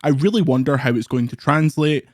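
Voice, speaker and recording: A man's voice: on the high side, a little fast, dry recording, clean studio sound. A young British man chatting casually as a podcast guest, loose and rambling, with laughs slipping into his sentences. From Britain. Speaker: guest co-host. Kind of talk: casual chat.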